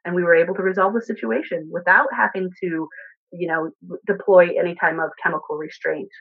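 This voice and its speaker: A woman recounting a work experience in a casual, animated way, with fillers and restarts. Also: fairly low pitch, brisk, creaky, husky. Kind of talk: casual storytelling. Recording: tinny phone line.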